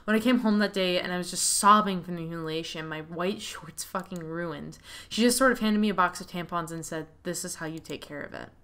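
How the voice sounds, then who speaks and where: A woman voicing a frank high school senior. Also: brisk, pushed and bright.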